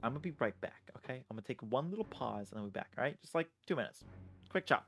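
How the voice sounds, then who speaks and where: A male streamer playing a game live, reading the text aloud and muttering and swearing as he thinks out loud. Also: medium pitch, sing-song, fast talker, creaky.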